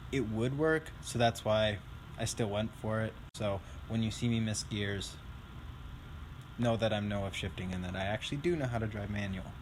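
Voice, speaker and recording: Brief: male car vlogger, low flat monotone narration, faint hiss underneath. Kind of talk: casual voice-over narration.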